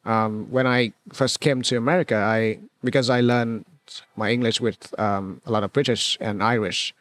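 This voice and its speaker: A man from Vietnam with a Vietnamese accent, a guest in a casual conversation, talking hesitantly with many pauses and restarts. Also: mid-range voice, fairly even intonation, a bit bright, no echo.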